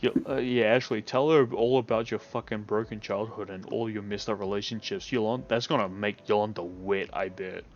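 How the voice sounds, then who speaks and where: A man's voice: on the low side, steady tone, a little fast, hardly any pauses, dull audio. A man streaming a visual novel, reading the narration aloud and cutting in with crude, sarcastic comments. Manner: crude, sarcastic, often laughing. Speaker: game streamer.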